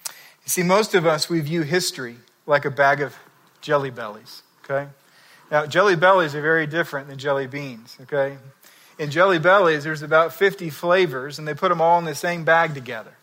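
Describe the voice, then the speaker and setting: A man's voice: fairly high pitch, moderate pace, a bit bright. A man preaching a sermon, telling a story and reading scripture in a conversational, emphatic way. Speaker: pastor.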